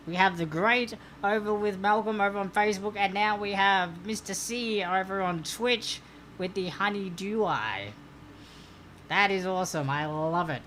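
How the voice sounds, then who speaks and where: A woman's voice: medium pitch, a bit bright, slight background noise. A woman hosting a live-streamed trivia quiz, chatty and playful, laughing often and reading questions to players.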